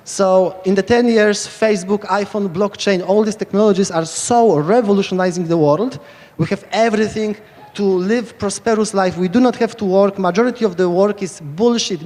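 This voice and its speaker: A fairly high-voiced Polish man speaks with rambling enthusiasm, piling up fillers and restarts. His voice carries the long reverb of a big hall. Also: a little mellow. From Poland. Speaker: speaker giving a short conference talk. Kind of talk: quick lightning talk.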